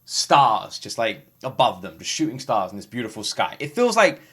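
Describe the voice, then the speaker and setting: A man hosting a music reaction, talking casually and effusively, rambling with halting restarts and some swearing. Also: mid-range voice, big pitch swings, a bit bright, slightly rough. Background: game soundtrack playing faintly.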